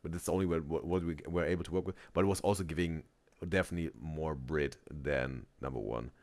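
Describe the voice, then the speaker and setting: A man's voice: very deep voice, fairly even intonation, quick pace, darkish tone, no echo. A man streaming a reaction video, rambling in casual commentary and often tagging on "bro" and "right?".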